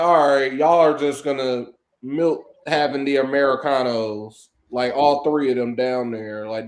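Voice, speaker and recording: A man co-hosting a wrestling podcast in casual chat, animated and slangy, mocking people with exaggerated quoted voices. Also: medium pitch, echoey room. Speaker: podcast co-host.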